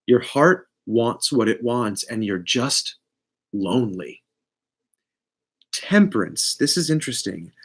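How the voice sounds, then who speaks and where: A man giving a casual live tarot reading, blunt and profane, with big swings in pitch and loudness. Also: expressive, takes it slowly, long pauses, husky. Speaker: tarot reader.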